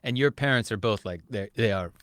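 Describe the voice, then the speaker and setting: A man hosting a podcast interview, chatty, laughing often and asking quick follow-up questions. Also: on the low side, a bit bright, dry recording, clean studio sound. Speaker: podcast host. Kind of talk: casual interview chat. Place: podcast studio.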